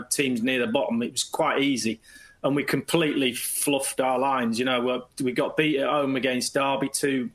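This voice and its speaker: A middle-aged man, a former footballer, telling anecdotes as a guest in a lively way and slipping into quoted voices. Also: mid-range voice, poor audio. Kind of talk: anecdotal storytelling.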